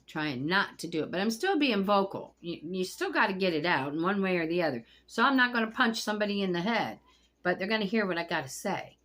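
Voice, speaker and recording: A woman's voice: mid-range voice, sing-song, brisk, a bit bright. A middle-aged woman venting at home in a casual vlog, blunt and profane, rambling from one gripe to the next. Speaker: vlogger. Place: at home among pet turtles.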